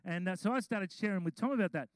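Male pastor, high-pitched, relaxed sermon storyteller, dry recording. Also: no echo, low-quality recording. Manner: chatty storytelling with laughs; reads scripture slowly.

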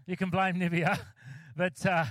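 A man's voice: high-pitched, little pitch movement, a little slow, a bit bright, no room sound. A man, a pastor giving a casual, joking sermon with many fillers and restarts, close to the mic.

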